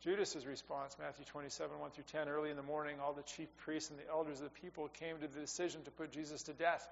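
A man giving a sermon as a pastor, talking conversationally, rising for emphasis and dropping to quiet asides. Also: on the high side, flat delivery, fast talker, vocal fry. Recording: dull sound with long reverb in a hall.

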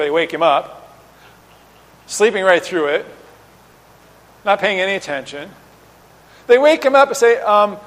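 A man preaching a sermon, explaining with lively rhetorical questions and acting out quoted lines. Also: sits high, long reverb tail, low-quality recording. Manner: animated teaching, voices rhetorical questions and acts out quotes.

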